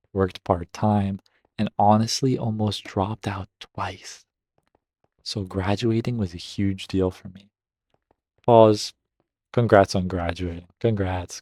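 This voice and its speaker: Guy reading story posts out loud and reacting, lowish mellow voice, dry close sound. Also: dry recording. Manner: reads a post aloud, then breaks off to react with upbeat asides. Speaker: Reddit story reader and gaming commentator. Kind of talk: reading stories aloud with casual commentary.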